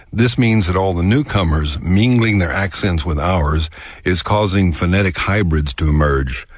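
Deep husky Texas man telling stories. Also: no room sound. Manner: folksy, drawn-out demonstration of words. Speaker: radio storyteller. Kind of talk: scripted radio storytelling.

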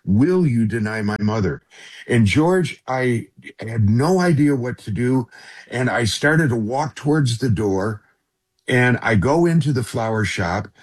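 A man's voice: medium pitch, lively intonation, unhurried, slightly rough. A man who works in radio, earnestly telling a personal story as a guest in a conversation and often addressing the host by name.

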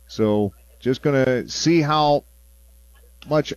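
A man calling a baseball game on the radio, mixing play-by-play with relaxed, chatty asides between pitches. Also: unhurried, dry recording. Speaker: play-by-play announcer.

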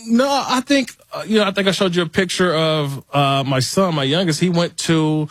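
A man's voice: on the high side, moderate pace, dry recording. A man filling in as host of a sports talk show, chatting casually and laughing with jokey asides. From Los Angeles area. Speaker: fill-in radio show host.

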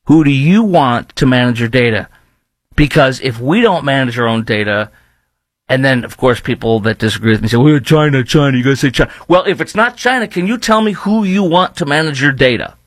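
A man's voice: medium pitch, animated, moderate pace, no echo. A man hosting a political talk radio show, speaking emphatically, repeating himself and firing rhetorical questions.

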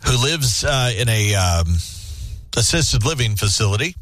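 A man's voice: mid-range voice, expressive, normal speed, fairly bright tone, no echo. A man hosting a radio show, reading odd news stories aloud and chatting about them with small stumbles. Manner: reads stories, then banters with fillers. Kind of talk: casual radio news chat.

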